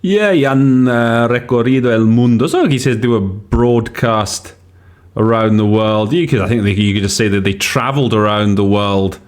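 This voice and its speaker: In a medium-pitched voice at normal speed, a man teaching interpreting on his podcast talks casually and explains as he goes. He thinks aloud about which English words fit, stumbling through plenty of fillers and restarts.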